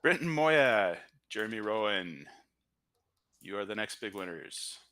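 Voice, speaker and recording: A Canadian-accented man hosts a live-streamed lottery draw, chatting and cracking jokes while thinking aloud with filler words. His voice is fairly low, very animated, pushed and bright, delivered at a measured pace. It's upbeat live-stream commentary captured on an audio-only stream mic.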